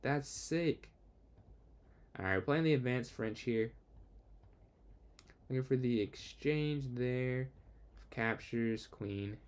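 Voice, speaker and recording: A man's voice: mid-range voice, clean tone. A young man streaming chess, casually talking through his moves and answering chat as he plays. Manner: thinks aloud, quick asides to chat; excitable outbursts when the game turns. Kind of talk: casual live game commentary.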